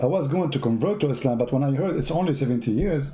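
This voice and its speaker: Brief: a mocking male commentator with a soft, mellow voice and broken English. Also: medium pitch, lively intonation, fast, hardly any pauses. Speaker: online religious debater. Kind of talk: sarcastic commentary.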